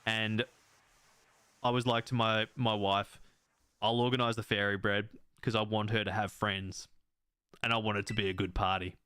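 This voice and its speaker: A man's voice: fairly low pitch, flat delivery, moderate pace, long pauses, sharp tone, clear, resonant tone. An Australian man in his thirties, chatting and rambling casually while he plays a game, laughing often. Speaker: gaming streamer. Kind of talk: casual chat while playing.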